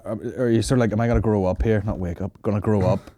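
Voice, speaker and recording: A man's voice: fairly low pitch, steady tone, fast, dark tone, no echo, clean studio sound. A man co-hosting a podcast, sweary and mocking in casual banter. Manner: sweary, mocking, acts out silly voices. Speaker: podcast co-host.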